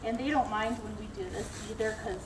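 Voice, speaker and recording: A woman's voice: a little high, brisk, noisy background. A woman zookeeper giving a friendly live talk outdoors at an animal exhibit, explaining with frequent ums.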